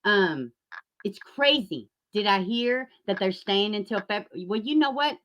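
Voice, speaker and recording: A woman hosting a profane, sarcastic commentary rant, jumping from loud outbursts to mocking near-whispers. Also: mid-range voice, animated, measured pace, background noise. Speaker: YouTube commentary host. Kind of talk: ranting commentary.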